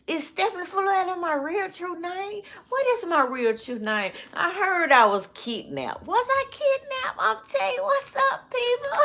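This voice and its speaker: A woman vlogger, talking slowly in a rambling monologue, repeating phrases and often breaking into laughter. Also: mid-range voice, sharp tone.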